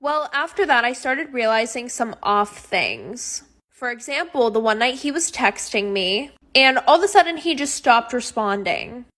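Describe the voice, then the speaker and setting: High-voiced young woman telling a story. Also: expressive, normal speed, fairly bright tone.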